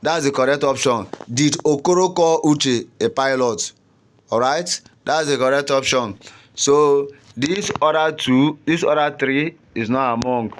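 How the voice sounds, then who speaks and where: A man's voice: medium pitch, unhurried, slight background noise. A young man tutoring exam students in a casual, repetitive way, often checking in with "you understand?".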